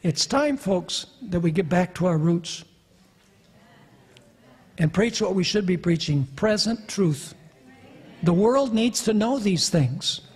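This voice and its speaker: A man's voice: high voice, expressive, slow pace, pauses often, a little mellow, slightly rough. A man preaching a sermon, emphatic and questioning his audience. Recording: long reverb of a hall.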